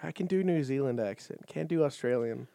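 A man's voice: mid-range voice, lively intonation, fairly quick, gravelly, mellow, no echo. A man co-hosting a podcast in casual recap chat, often repeating words as he starts a thought and laughing easily. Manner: stammering restarts, laughs easily. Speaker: podcast co-host.

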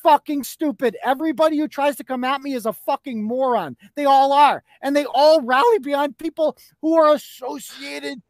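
A man's voice: extremely high pitch, normal speed, hardly any pauses, no room sound. A man hosting a podcast, ranting in a profane, combative and mocking way. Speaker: host. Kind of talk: heated podcast rant.

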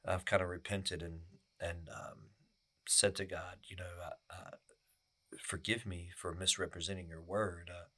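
A man's voice: low-pitched, little pitch movement, unhurried, bright, forceful tone. A man co-hosting a faith podcast, talking in an earnest, preacherly way and often repeating words as he works out his point. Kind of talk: casual podcast chat.

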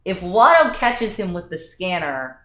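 A man's voice: high-pitched, sing-song, a little slow, pushed and bright. A man co-hosting a casual podcast chat, hesitating with many ums and restarts. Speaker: podcast co-host. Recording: roomy echo.

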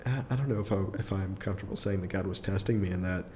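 Low, mellow-voiced young man telling a story. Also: fast talker, slight background noise. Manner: rambling, filler-heavy, restarts often, chuckles through his story. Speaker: podcast guest. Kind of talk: casual personal storytelling in an interview.

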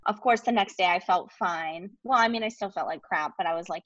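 Chatty woman guest, animated storytelling. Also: medium pitch, fairly quick, hardly any pauses, dry recording, highs cut off. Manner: animated, many "like" fillers, laughs often. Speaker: podcast guest. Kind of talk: storytelling in casual interview.

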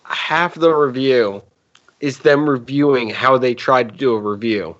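A man's voice: mid-range voice, measured pace, a bit bright. Rambling, laughing male podcast co-host, mid voice, muffled lo-fi audio. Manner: rambling, laughs and stumbles over words. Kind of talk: casual chat.

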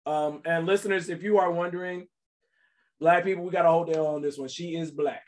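High-voiced joking podcast man. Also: a little fast. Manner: animated, joking, interjects often. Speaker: podcast co-host. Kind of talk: casual comedic podcast banter.

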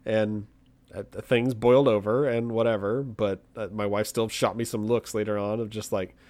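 A man telling a family story in casual chat, animated and acting out what people said, with a lot of restarts. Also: lowish voice, moderate pace, no echo. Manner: animated, acts out quoted voices, frequent restarts.

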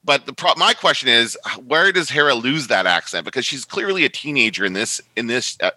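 A man's voice: medium pitch, very animated, fairly quick, sharp tone, dry recording, low-quality recording. A man from Canada, co-hosting a podcast in casual chat, rambling and correcting himself as he goes. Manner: rambling, self-correcting, chatty. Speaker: podcast co-host.

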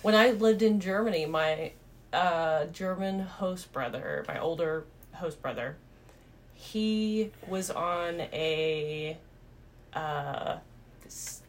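A woman co-hosting a podcast in casual chat, relaxed and laughing along. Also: fairly low pitch, a little hiss or hum. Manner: chatty, laid-back, quick to laugh along. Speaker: podcast co-host.

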